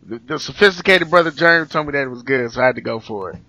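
Quick-talking male co-host, bright forceful tone, animated joker. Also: medium pitch. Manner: animated, joking storyteller with slang and profanity. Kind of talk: casual chat. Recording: dull lo-fi sound.

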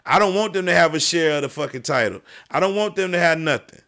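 A man who hosts a podcast and coaches youth football, telling stories in casual chat, animated and profane. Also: on the high side, fast talker.

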